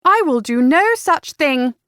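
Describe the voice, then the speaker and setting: A woman voicing a bold, excitable young lady who huffs and shrieks. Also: moderate pace, no echo, clean studio sound. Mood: defiant. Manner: high, shrill, huffy.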